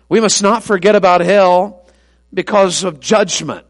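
A man preaching a sermon, telling stories and swinging from loud emphatic cries to quiet, low asides. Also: measured pace.

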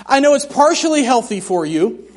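Male preacher, middle-aged, very high voice, folksy and animated, sermon in a church. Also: normal speed, a little hiss or hum. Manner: folksy, animated storytelling with humor. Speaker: missionary preacher. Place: church sanctuary.

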